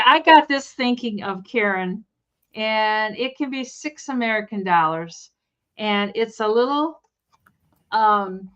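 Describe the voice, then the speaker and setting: A woman's voice: fairly high pitch, fairly bright tone. A woman hosting a casual live sale, chatty and giggly, rambling as she shows items. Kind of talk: casual live-stream selling.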